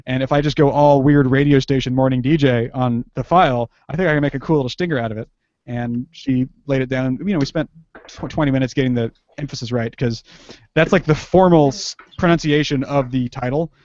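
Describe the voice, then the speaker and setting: A man's voice: medium pitch, brisk, a little mellow, no room sound. A young man talks as a podcast guest in an easy, rambling way, circling back over his own sentences and laughing often. His voice is dry and close, and the recording has a dull, lo-fi sound. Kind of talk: casual podcast chat.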